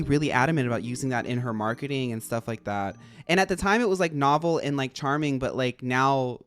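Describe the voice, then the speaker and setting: A streamer chatting casually while playing a game, rambling and full of filler words. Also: mid-range voice. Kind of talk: casual gameplay chat.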